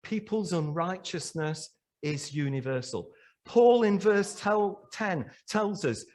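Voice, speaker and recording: A man's voice: sits high, lively intonation, slow, a little mellow. A man preaching a sermon in church, emphatic and full of rhetorical questions to the congregation.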